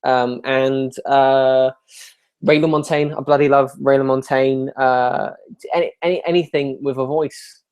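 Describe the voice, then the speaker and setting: A man's voice: mid-range voice, flat delivery, a little slow, darkish tone, smooth, highs cut off. Young man, casual live-chat host; rambling, self-deprecating humor, mid-range voice. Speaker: YouTuber hosting a live Q&A.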